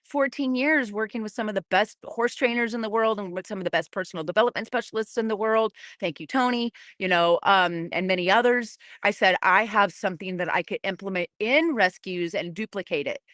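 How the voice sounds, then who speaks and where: A middle-aged woman talks through a personal story in a loose, chatty way, stumbling over restarts and fillers and slipping into little voices when she quotes people. Her pitch sits in the middle of the range. The sound is dry and close, with no room echo. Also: fairly quick, few pauses, a bit bright. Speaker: podcast host and horse programs founder. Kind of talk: casual storytelling monologue.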